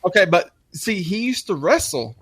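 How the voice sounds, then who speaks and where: A man's voice: high voice, big pitch swings, moderate pace, a bit bright, husky, no room sound. A man co-hosting a podcast, telling rambling, profane stories full of restarts, with a slight speech impairment. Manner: rambling storyteller, frequent restarts, swears a lot. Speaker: podcast co-host, father. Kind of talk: casual profane chat.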